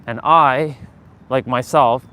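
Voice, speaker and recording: A man's voice: medium pitch, steady tone, slow, pushed and bright, slight background noise. A man hosting a casual motivational livestream outdoors, talking earnestly in a rambling way with many fillers and restarts. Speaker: live-stream host.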